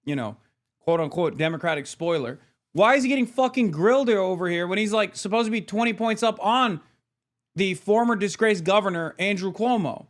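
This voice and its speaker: A man's voice: high-pitched, expressive, brisk. A man streaming live, reacting to clips and ranting about politics with frequent swearing. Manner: profane, ranting political commentary.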